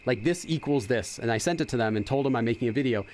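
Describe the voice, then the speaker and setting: A man's voice: mid-range voice, quick pace, darkish tone, a little hiss or hum. A middle-aged man hosting a casual game playthrough, chatty and explaining as he goes. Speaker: gaming channel host. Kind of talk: casual let's-play commentary.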